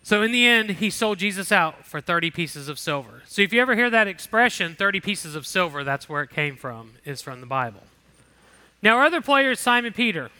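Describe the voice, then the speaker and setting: Man, Bible lesson teacher, fairly high voice, very bright sharp tone, casual commentary. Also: big pitch swings, fairly quick. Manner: conversational, reads scripture then comments casually.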